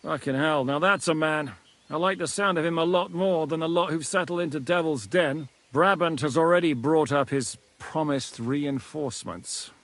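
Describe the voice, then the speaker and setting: Brief: a coarse veteran soldier, slightly high voice, video game. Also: male voice, normal speed, fairly bright tone. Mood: approving. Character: gruff medieval soldier, battle-hardened comrade.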